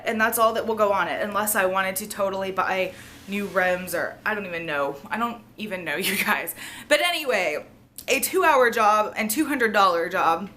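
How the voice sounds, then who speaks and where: A woman's voice: mid-range voice, sharp tone. A young woman chatting casually in a vlog, rambling and sick, losing her voice and coughing. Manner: chatty, rambling, lots of "like" and "y'all". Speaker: vlogger.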